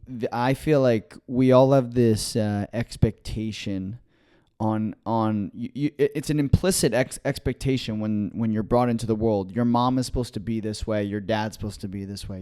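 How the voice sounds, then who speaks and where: Young man musing in a halting way. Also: lowish voice, warm tone, clean tone. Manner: attentive listener, short affirmations, halting restarts. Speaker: podcast co-host. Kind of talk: casual chat.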